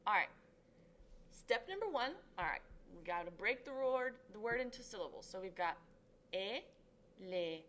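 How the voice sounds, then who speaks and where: A cheerful Spanish tutor with a higher, bright, animated voice leads a class through a lesson step by step, speaking briskly with few pauses. She draws out syllables dramatically to mark the stress, while a faint noise hums underneath.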